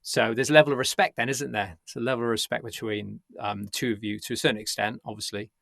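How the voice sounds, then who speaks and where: Fast-talking gravelly host. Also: male voice, mid-range voice, steady tone, a bit bright, dry recording, studio quality. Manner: thoughtful, asks tag questions. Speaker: talk show host. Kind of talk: reflective interview commentary.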